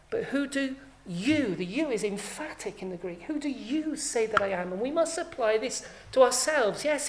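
Emphatic woman preaching a sermon. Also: on the high side. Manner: emphatic, rising and falling in volume for stress.

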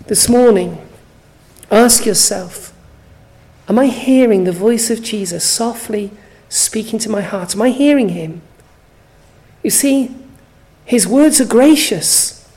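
Slow, mellow-voiced woman preaching a sermon. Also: fairly high pitch, low-quality recording. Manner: slow, earnest, questioning the listener.

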